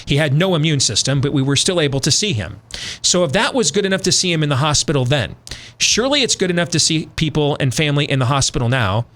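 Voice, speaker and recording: A man's voice: on the high side, expressive, quick pace, fairly bright tone. A middle-aged man hosting a radio talk show, ranting with sarcastic, emphatic commentary.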